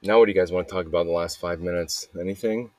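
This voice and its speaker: A young man with a deep, low voice, slightly hoarse from yelling the night before. He rambles on his own in a restless, joking way, restarting his sentences often. The recording is close and dry. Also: fairly even intonation, very fast, no room sound. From Arizona. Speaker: podcast host. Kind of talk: rambling solo voice memo.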